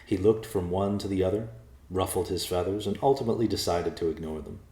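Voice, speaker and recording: A man narrating a storybook chapter with a steady, expressive reading. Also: low voice, fairly quick, roomy sound. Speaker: audiobook narrator.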